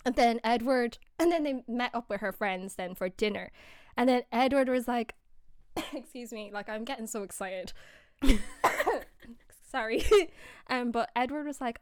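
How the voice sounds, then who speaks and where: A woman's voice: fairly high pitch, unhurried, clear, resonant tone, no room sound, clean studio sound. A young woman chatting casually and telling a story with lots of laughter and quoted voices. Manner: animated storytelling, laughs often, acts out quotes. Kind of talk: casual chat.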